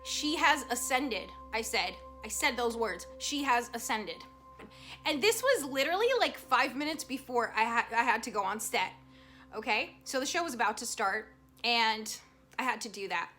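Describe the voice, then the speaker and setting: Casting: high, bright-voiced woman, chatty vlogger storytelling with feeling, soft music underneath. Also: moderate pace. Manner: animated, chatty, emotional storyteller with many fillers. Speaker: psychic vlogger. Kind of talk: casual storytelling to camera. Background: soft background music.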